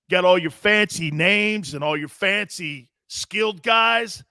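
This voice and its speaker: A man's voice: high-pitched, slow, gravelly, few pauses, clear, resonant tone, dry recording, studio quality. A middle-aged man hosting a sports talk show, hollering his opinions, swearing freely and hammering the same catchphrases. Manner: loud, hollering and profane; emphatic, repeats catchphrases.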